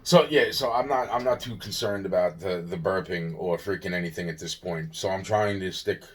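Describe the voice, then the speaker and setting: A man's voice: low-pitched, moderate pace, breathy edge. A young man rambling on in a casual monologue, swearing often, yawning and tired. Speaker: vlogger.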